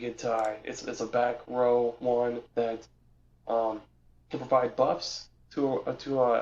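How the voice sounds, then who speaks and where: A man's voice: mid-range voice, a little mellow. Rambling young man on a dull recording. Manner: rambling, many restarts and fillers. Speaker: podcast co-host. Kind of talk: casual chat.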